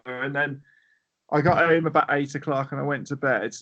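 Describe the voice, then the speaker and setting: A man's voice: mid-range voice, fairly even intonation, moderate pace, a bit bright, dull audio, soft background music. A man with an English accent, a podcast guest chatting in an easygoing, agreeable way. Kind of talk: casual chat.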